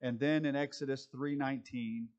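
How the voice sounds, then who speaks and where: A man's voice: medium pitch, fairly even intonation, normal speed, a little mellow, dull audio. A male pastor preaching a sermon from the pulpit, reading scripture aloud and then shifting into loose, conversational asides. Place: church pulpit.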